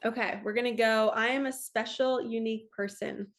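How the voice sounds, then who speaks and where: A woman's voice: fairly high pitch, fairly even intonation, normal speed. Chatty woman teaching spiritual lessons. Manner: chatty, reads passages aloud and comments. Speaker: spiritual coach. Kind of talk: casual spiritual teaching vlog. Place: home, in front of a computer. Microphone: computer camera.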